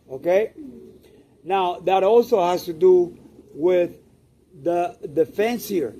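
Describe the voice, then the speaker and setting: A man's voice: sits high, dark tone, slight background noise. An older man from Cuba, a pigeon breeder talking casually to camera, emphatic and repetitive, often tagging "okay?" onto his points.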